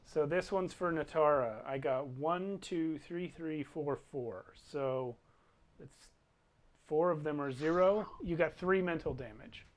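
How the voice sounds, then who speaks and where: A man with a slightly raised pitch runs a tabletop game at a slow, deliberate pace. He talks through rolls and rules as he goes, pausing to think. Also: slight background noise. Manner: unhurried, thinks aloud over rules. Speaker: game master.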